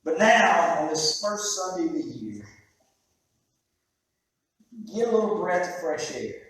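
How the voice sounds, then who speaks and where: High-voiced preacher in an echoey hall. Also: male voice, expressive, a bit bright. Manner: storytelling, conversational with halting restarts. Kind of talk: sermon. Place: church sanctuary. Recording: very echoey room, heard from a distance.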